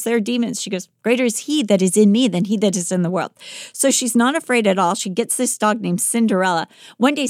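A woman podcast host telling a life story in a lively, dramatic way, acting out the quoted lines. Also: mid-range voice, dry recording, studio quality. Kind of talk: animated storytelling.

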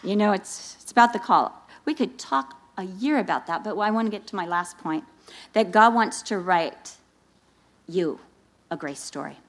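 At a women's Christian gathering, an animated woman delivers a sermon built around personal stories. She speaks at normal speed and acts out dialogue, her pitch rising as she voices each line.

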